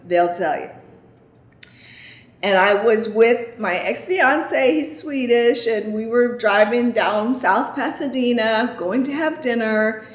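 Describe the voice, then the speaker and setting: A woman vlogger with a voice on the high side answers viewer questions in casual, chatty, emphatic talk, repeatedly saying "I kid you not" and checking in with "okay?". The sound is roomy.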